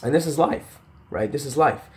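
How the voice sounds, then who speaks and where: A man's voice: a little high, moderate pace. A young man talking casually to camera in a passionate, rambling rant full of swearing and tangents. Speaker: vlogger.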